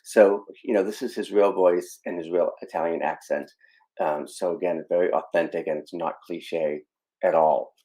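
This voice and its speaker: Podcast guy breaking down a movie scene, very low voice, loose and chatty. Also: steady tone, moderate pace, mellow, poor audio. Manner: casual, with fillers and explanatory asides. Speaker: podcast host. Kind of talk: film scene analysis.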